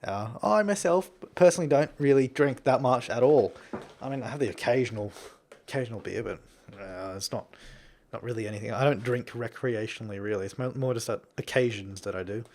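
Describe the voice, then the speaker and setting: A man's voice: medium pitch, a little fast, darkish tone, a little hiss or hum. A young Australian man talking casually over his building gameplay, rambling, chuckling and self-deprecating. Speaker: game builder commentator.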